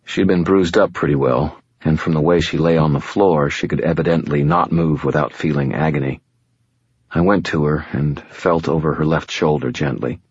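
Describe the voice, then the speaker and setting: A man giving steady, measured first-person audiobook narration on a dull, dry recording. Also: extremely low pitch, slightly rough, dry recording.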